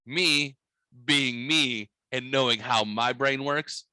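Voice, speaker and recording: A young man hosts a casual podcast, spinning a profane, wisecracking story. His voice is bright and forward, recorded dry and close with no room sound. He is at a middling pitch for a man. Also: slow pace, smooth, dry recording, rough recording. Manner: profane, joking smart-aleck storytelling. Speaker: podcast host.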